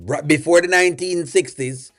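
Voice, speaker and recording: A man's voice: fairly high pitch, normal speed, fairly bright tone, faint music behind. A man with a Jamaican accent hosting a reaction video, giving rambling, opinionated commentary full of fillers. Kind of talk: casual commentary.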